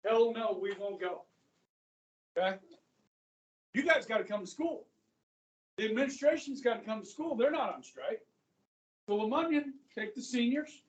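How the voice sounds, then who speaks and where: A middle-aged man teaching a high school history class, chatting and joking, often checking in with his students. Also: animated, moderate pace, long pauses. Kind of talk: classroom lecture. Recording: echoey classroom, voice from far off.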